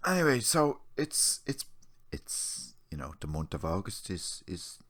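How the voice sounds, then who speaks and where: A man's voice: deep voice, very animated, a little slow, a bit bright. An English man in his forties co-hosting a podcast, rambling and self-mocking in casual chat. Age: 40s. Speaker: podcast co-host.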